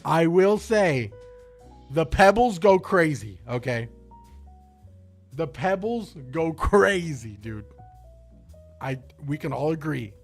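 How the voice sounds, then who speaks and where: This is a young man streaming live and chatting loosely with his viewers. His voice sits a bit higher than most men's, and he talks with loud, slangy excitement, swearing and joking freely. Faint music plays quietly behind him. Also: slow pace, vocal fry, pauses often. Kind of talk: casual livestream chat.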